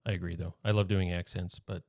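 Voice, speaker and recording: A man co-hosting a podcast in casual chat, tossing out quick questions and short reactions. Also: sits low, level tone, a little mellow, dry recording, clean studio sound. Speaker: podcast co-host.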